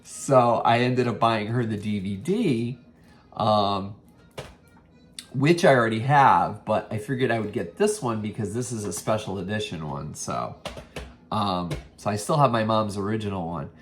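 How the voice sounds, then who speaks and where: Rambling low-voiced man chatting. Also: a little slow, faint music behind. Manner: rambling, with many ums and self-corrections. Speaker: vintage reseller and vlog host. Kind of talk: casual thrift haul chat.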